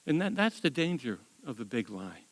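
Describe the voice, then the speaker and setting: A man in his seventies from the United States telling a true story on stage at a live story slam, wry and animated, often repeating words as he goes. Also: medium pitch, normal speed, long reverb tail, rough recording. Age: 70s.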